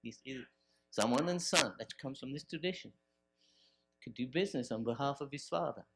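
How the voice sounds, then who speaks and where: Male preacher mid-sermon at an evening service, medium pitch, emphatic and dynamic. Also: moderate pace, breathy edge. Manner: emphatic preaching with rising bursts and quiet stretches. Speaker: pastor. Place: church service.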